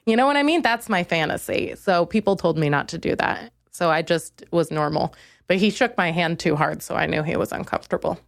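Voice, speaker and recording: A young woman comedian hosting her own podcast, in a rambling, crude, self-deprecating monologue that jumps into high, exasperated rants. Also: animated, fairly quick, creaky, dry recording, clean studio sound.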